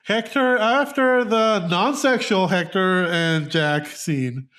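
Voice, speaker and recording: A man's voice: high-pitched, takes it slowly, a bit bright. A man hosting a casual film podcast chat, talking animatedly with frequent restarts and casual swearing. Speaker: podcast host.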